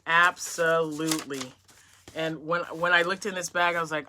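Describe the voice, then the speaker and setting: Gushing woman with a bright voice. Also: fairly low pitch, normal speed, a little hiss or hum. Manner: gushing and excitable, drops to soft whispers over yarn. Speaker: crochet vlogger. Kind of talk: casual chat, unboxing happy mail. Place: home craft room at her desk. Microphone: phone on a mini tripod.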